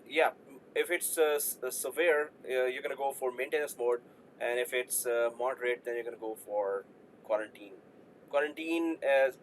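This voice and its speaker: A man's voice: mid-range voice, a little hiss or hum, rough recording. Chatty, jokey male IT instructor. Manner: chatty, jokey, explains with playful asides. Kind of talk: live online class lecture.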